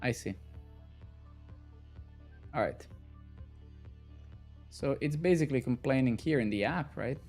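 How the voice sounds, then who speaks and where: A man with a gravelly, creaky voice talks to himself while he codes on a live stream. He mutters through each step and curses at the code when it fails. Faint music plays under his voice. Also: mid-range voice, animated, unhurried, long pauses, darkish tone. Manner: muttering to himself, swearing in frustration. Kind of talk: live coding stream, thinking aloud.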